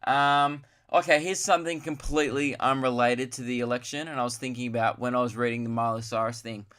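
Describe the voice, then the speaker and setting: Hosting his comedy podcast solo, a young man in his 20s rambles loosely, making himself the butt of the joke and doing voices for impressions. His voice is medium-pitched and a bit bright.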